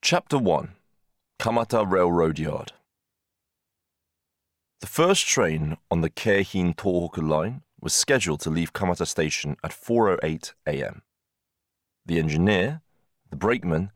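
Deep-voiced male audiobook narrator. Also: lively intonation, moderate pace, dry recording, clean studio sound. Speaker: audiobook reader.

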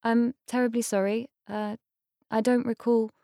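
A woman's voice: a little high, little pitch movement, a little slow, vocal fry, dark tone, no echo, studio quality, pitched above the performer's own voice. A woman reading aloud and voicing a reserved young woman who stays cool and unfailingly polite.

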